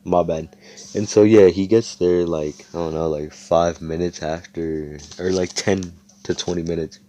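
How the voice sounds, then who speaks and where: Casting: young man, deep voice, loose and slangy, making up a fan story on the spot. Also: steady tone, unhurried, mellow. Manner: rambling, slangy, swearing, many fillers. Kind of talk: improvised fan fiction storytelling.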